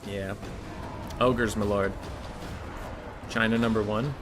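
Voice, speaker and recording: A man with a fairly low voice casts a strategy game tournament live on stream. He is chatty, drifts into asides and answers his chat between calls. Faint music plays behind him. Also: fairly even intonation, takes it slowly. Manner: chatty, digressive, talks to chat viewers.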